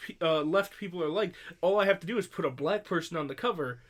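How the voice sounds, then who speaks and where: A man's voice: high voice, expressive, quick pace, few pauses, a bit bright. A young man co-hosting a casual podcast, rambling and sarcastic with frequent swearing. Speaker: podcast co-host. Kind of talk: casual chat.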